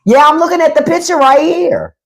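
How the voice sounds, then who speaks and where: A woman hosting a casual livestream, talking bluntly and profanely with animated delivery. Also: sits high, fairly quick. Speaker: podcast host on a livestream.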